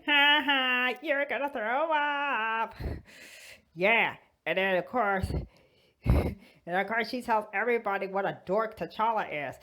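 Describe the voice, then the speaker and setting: Woman telling a fan story on her toy channel, bubbly and giggly, mid-pitch voice. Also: fairly bright tone. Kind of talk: casual fan chat.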